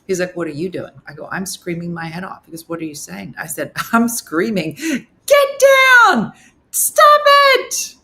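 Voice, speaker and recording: A woman's voice: lowish voice, fairly quick, hardly any pauses. A middle-aged woman hosting a casual live morning show, chatting with viewers and acting out the people in her stories. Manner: animated storyteller, acts out quotes. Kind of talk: casual chat reading viewer comments.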